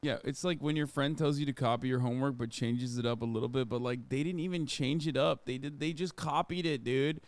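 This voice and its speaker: A man's voice: medium pitch, quick pace, hardly any pauses, a little mellow. A man streaming casual reaction commentary, sarcastic and profane, with laughing asides.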